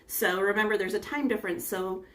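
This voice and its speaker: Speaking a little fast in a fairly bright, mid-range voice, this American livestream host chats through a casual cooking stream and welcomes viewers individually by name. The phone's front camera picks her up from a distance.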